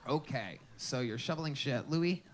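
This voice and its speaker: A man's voice: mid-range voice, animated, normal speed. Male comic host, mocking roast interviewer, live stage, noisy. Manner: crude, mocking, teasing. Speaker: comedy show host. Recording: noisy live show recording.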